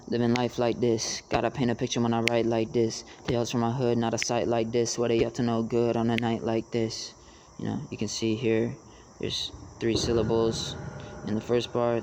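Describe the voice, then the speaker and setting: A young man explaining rap rhyme schemes in a casual tutorial, halting with many fillers. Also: lowish voice, creaky, noisy background. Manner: halting, many fillers, raps lines to demonstrate.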